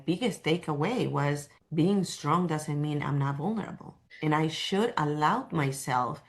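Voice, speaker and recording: A woman's voice: deep voice, measured pace. A woman hosting a podcast interview, an attentive listener who speaks with a phrasing. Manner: warm, attentive listener, frequent affirmations. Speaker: podcast host.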